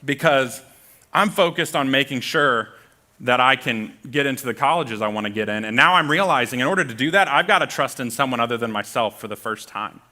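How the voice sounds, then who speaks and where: A man's voice: mid-range voice, lively intonation, brisk, bright, forceful tone. A young man giving a sermon as a guest preacher, telling a self-deprecating, humorous story from his school days. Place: church auditorium.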